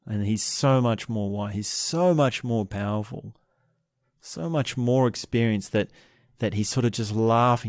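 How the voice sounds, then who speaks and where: Slow, reflective male podcast host. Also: mid-range voice, no room sound, studio quality. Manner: slow, reflective, halting with restarts. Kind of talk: book commentary monologue.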